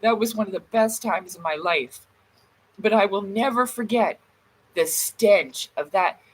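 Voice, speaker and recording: Her mid-range voice is slightly rough and measured in pace, captured in a low-quality recording. She's a woman in her thirties from Canada, livestreaming a funny, casual story from home by a door as she smokes, laughing and catching herself when she swears.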